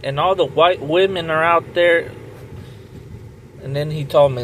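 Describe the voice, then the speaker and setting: A man rambles through a profane comic story, his voice swinging up and down as he retells a friend's words. He talks slowly and takes his time. Steady car engine hum sits under the recording. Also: a little high, poor audio. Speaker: comedian.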